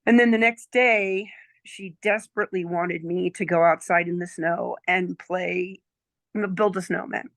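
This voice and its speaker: Brief: gravelly-voiced woman in her sixties, chatty storyteller, dry close sound. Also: on the low side, fairly even intonation, a little slow, no echo. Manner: chatty, checks in with "okay?" and "right?". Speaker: client giving a testimonial. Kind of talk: casual storytelling chat.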